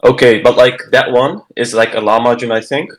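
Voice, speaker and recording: A man's voice: medium pitch, steady tone, fairly quick, soft background music, rough recording. A man chatting casually in an online book club call, explaining things loosely with lots of fillers and restarts. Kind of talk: casual online group chat. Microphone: video call microphone.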